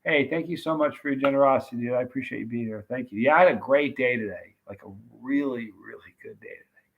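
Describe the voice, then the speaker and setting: Over phone-quality audio, a fast-talking man with a mid-range voice hosts a late-night livestream. He chats casually, reading viewers' comments and thanking them by name.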